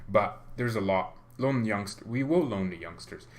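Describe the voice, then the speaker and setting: A man hosting a football fan livestream, talking in a rambling, excitable way with lots of restarts. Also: lowish voice, normal speed. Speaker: fan channel host.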